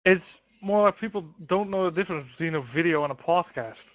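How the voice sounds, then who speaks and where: Higher-voiced man joking on a podcast. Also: expressive, a little fast, a bit bright, no echo. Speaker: podcast co-host. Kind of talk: casual podcast chat.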